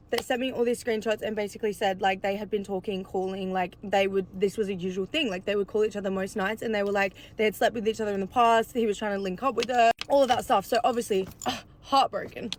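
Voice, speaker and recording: A woman casually telling a personal story in a chatty storytime, full of fillers and swearing. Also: medium pitch. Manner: rapid, chatty, peppered with "like" and swearing. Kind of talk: casual storytime while getting ready.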